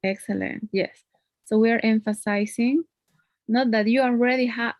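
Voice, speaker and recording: A woman's voice: fairly high pitch, fairly even intonation, moderate pace, darkish tone, dry recording. A woman teaching English one-on-one. She explains patiently and often ends points with a questioning "no?". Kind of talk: one-on-one online lesson.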